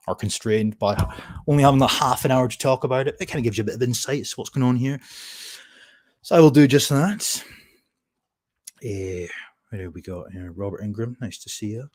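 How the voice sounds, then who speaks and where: A man's voice: lowish voice, darkish tone, dry recording, studio quality. A Scottish man hosting a livestream, giving sardonic, rambling commentary and reading the chat aloud. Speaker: livestream host.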